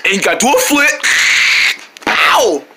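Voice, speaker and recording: In a silly kids' skit, a channel host plays several characters, switching between goofy voices and bursting into shouts and squeals. The mid-range voice is very animated yet unhurried, with background noise present.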